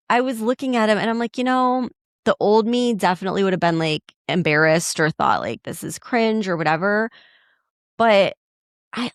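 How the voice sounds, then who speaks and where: A middle-aged woman hosting a podcast, telling a story casually and acting out quotes in a raised, animated voice. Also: fairly low pitch, no room sound, studio quality. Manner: animated, acts out quotes in a raised voice, many likes. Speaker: podcast host.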